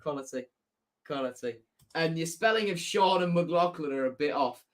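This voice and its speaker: A man's voice: on the high side, moderate pace. Chatty young man with a Hull accent. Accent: Hull, Yorkshire. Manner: chatty, reads out chat messages, self-correcting. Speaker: football fan channel host. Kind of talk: casual live-stream chat.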